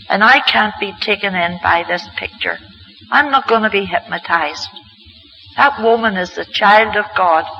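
Insistent devout engineer, bright and raised as a preacher quotes him. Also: male voice, high-pitched, lo-fi sound, full character voice. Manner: insistent, declaring. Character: firm, devout male engineer making a stand.

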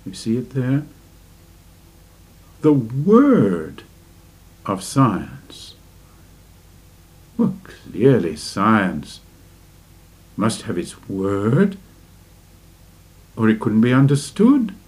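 Slow, deliberate man giving spiritual lecture. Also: lowish voice, huge pitch swings, a little mellow. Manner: deliberate, with rhetorical questions to listeners. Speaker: religious teacher.

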